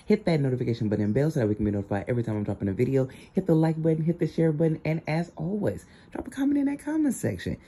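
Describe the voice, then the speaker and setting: A man gives casual commentary for his channel, speaking straight to viewers. His voice is very dark and mellow, and he fills his talk with "you know.". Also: on the high side, big pitch swings, very fast, few pauses, husky. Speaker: YouTube commentator.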